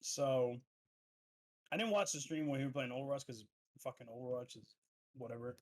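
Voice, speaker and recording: A man co-hosting a podcast in casual chat, telling animated stories full of swearing and loudly acted-out quotes. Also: mid-range voice, fairly quick. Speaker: podcast co-host.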